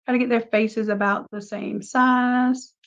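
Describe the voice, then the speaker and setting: Woman, design instructor, live class; casual and chatty, narrates each click; a bit high-pitched; muffled stream audio. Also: fairly even intonation, measured pace. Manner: casual, chatty, talks through each step. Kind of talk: live screen-share tutorial.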